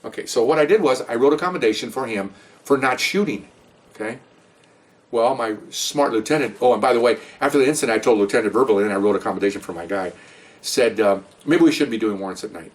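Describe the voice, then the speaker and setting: An older veteran police officer with a mid-range voice talks fast, rambling through a story from his career. He animatedly acts out the quotes in this casual storytelling, sounding a bit far from the mic.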